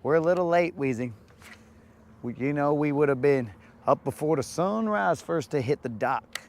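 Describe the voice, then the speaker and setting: A man's voice: fairly high pitch, expressive, moderate pace, a little mellow. A man hosting a live fishing vlog from a boat on a lake, bantering in a laid-back, joking way. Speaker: fishing show host.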